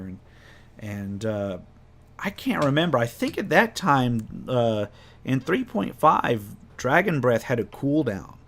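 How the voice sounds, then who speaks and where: A man recounting a tabletop game he ran as game master, rambling with many restarts. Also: fairly low pitch. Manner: rambling, self-correcting, lots of restarts. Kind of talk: casual storytelling about a tabletop game.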